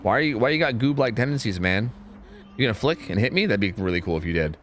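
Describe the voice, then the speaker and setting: A man streaming a game, chatting excitedly and swearing as he talks to his teammates and viewers. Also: medium pitch, quick pace, slight background noise. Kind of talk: live gameplay commentary.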